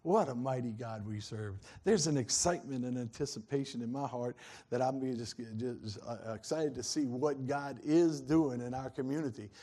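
A man's voice: mid-range voice, normal speed, mellow. A man preaching a sermon in a folksy, earnest way that swells into fervent peaks.

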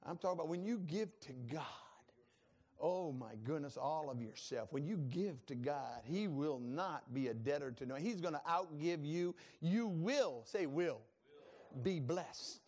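A man preaching a sermon as pastor, lively and conversational, laughing and calling on the congregation to respond. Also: on the high side, unhurried.

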